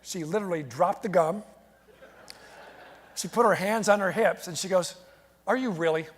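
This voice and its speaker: High-energy man speaking in a reverberant hall. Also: moderate pace. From United States. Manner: energetic, storytelling, engages the crowd with call-and-response. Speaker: motivational keynote speaker. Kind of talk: live motivational keynote to an audience. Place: large event hall with audience. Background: audience responding and laughing.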